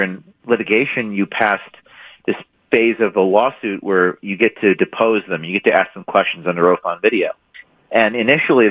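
A man's voice: on the low side, no echo. A man being interviewed as an author, answering emphatically and often repeating and restarting words. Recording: thin phone-line audio.

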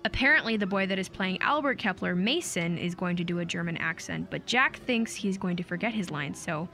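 Casting: woman as a gossipy small-town mom, bright and sharp voice. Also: lowish voice, expressive, a little fast, creaky, soft background music, heavily acted. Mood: chatty. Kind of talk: audio drama acting.

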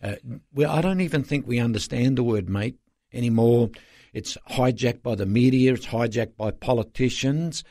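A man's voice: medium pitch, moderate pace, dark tone, dry recording, clean studio sound. An older man, a pastor telling stories earnestly as an interview guest, rambling with fillers.

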